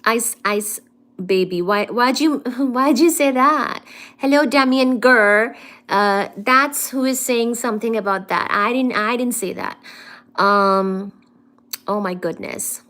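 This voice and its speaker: A woman's voice: a little high, takes it slowly, a bit bright. A woman hosting a casual science live stream from home, playfully greeting viewers, reading their comments aloud and calling them darling. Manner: affectionate, calls viewers "darling".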